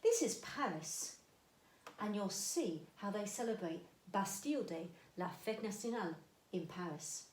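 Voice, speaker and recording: A woman teaching a French lesson to young children, talking slowly and clearly, sometimes singing greetings. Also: mid-range voice, reverberant, a little hiss or hum. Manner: slow, animated teacher talk with sung greetings. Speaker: primary school French teacher.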